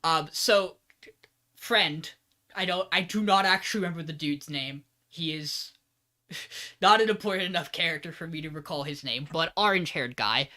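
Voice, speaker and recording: A podcast host casually recapping an anime episode in a rambling, animated way, acting out the characters' lines. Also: medium pitch, moderate pace.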